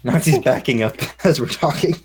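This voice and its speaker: A woman voicing a sleepy, doll-like construct companion who talks in a flat, literal, drowsy way. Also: very deep voice, moderate pace, crowd noise, voice pushed down. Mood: deadpan.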